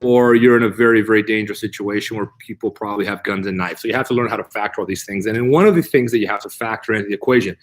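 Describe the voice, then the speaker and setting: This middle-aged man speaks on the low side and rapid-fire, with hardly any pauses, while teaching a live online martial arts class. As a jiu-jitsu instructor, he explains techniques in steps during demonstrations, reinforcing key points with "right?"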